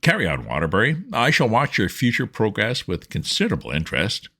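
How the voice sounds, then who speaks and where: Hearty breezy young toff, male reader doing it, bouncy and lively. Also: lowish voice, a little fast, pitched above the performer's own voice, full character voice. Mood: jovial. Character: jovial exuberant young gentleman editor.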